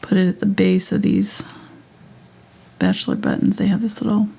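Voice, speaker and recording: A woman leading a live painting tutorial, talking through each step in a soft, half-whispered, casual way. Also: medium pitch, flat delivery, moderate pace, vocal fry, husky. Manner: casual, chatty asides. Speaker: painting instructor.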